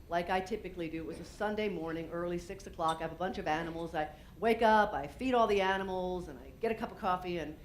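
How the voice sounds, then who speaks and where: A woman business owner giving a conference talk, telling a candid personal story in an animated way and acting out what she said. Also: medium pitch, slight background noise. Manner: animated and candid, acts out her own quotes, frequent restarts. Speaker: keynote speaker and business owner.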